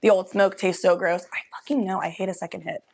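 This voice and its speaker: A young woman hosting a casual livestream from her room at home, talking loosely, high and coughing from smoke. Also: fairly even intonation, fast, vocal fry, a little mellow. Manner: loose, chatty, often coughing between lines. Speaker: livestream host. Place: home bedroom.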